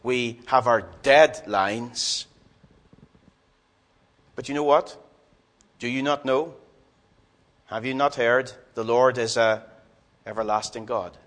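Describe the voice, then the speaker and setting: A man preaching a sermon in a church, swinging from loud emphatic lines to soft, low ones. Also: slow, pauses often.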